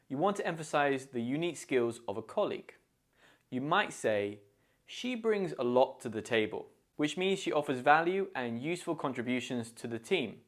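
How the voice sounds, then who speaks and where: A man with a British accent presenting a scripted English idiom lesson, explaining each phrase clearly and modelling its pronunciation. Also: medium pitch. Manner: clear, deliberate, pronunciation-focused teaching. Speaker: English teacher.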